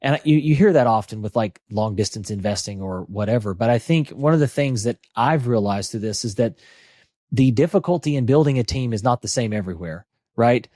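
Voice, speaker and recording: A man's voice: medium pitch, animated, a little fast, dark tone, no room sound, studio quality. A man with an East Tennessee accent co-hosting a podcast in casual, joking chat. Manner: chatty, joking, many restarts. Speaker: podcast co-host.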